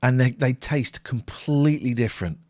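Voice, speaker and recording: A man's voice: mid-range voice, normal speed, darkish tone, no room sound, studio quality. A man co-hosting a late-night live stream, chatting casually and reading out viewer comments in a wry way.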